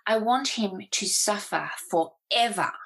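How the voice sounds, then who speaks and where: A woman's voice: medium pitch, a little slow, a bit bright, slightly rough, poor audio. A woman doing a bitter young orphan girl. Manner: curt, cold answers.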